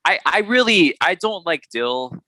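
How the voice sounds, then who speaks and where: A young man chatting casually about a movie, full of fillers and quick laughs. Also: a little high, sing-song, sharp tone, no echo, poor audio. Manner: chatty, many fillers, laughs often, slips into cartoon voices. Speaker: podcast co-host.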